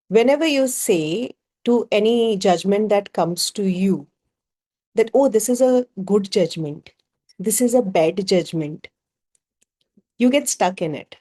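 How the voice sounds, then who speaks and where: A woman's voice: mid-range voice, dark tone. A woman with a Bengali-inflected Indian English accent, leading a group workshop as facilitator and working through ideas with rhetorical questions.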